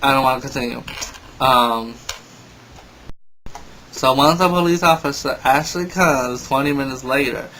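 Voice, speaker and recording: A man's voice: mid-range voice, normal speed, pauses often, sharp tone, slight background noise, rough recording. Ranting young man telling a story. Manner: exasperated, rambling rant. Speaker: vlogger. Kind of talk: casual storytelling vlog.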